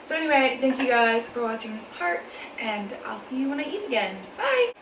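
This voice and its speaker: A woman's voice: fairly high pitch, very animated, moderate pace. A young woman chatting casually in a mukbang vlog, laughing often and talking between bites at home. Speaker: vlogger. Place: home, indoors. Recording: echoey room, faint background noise.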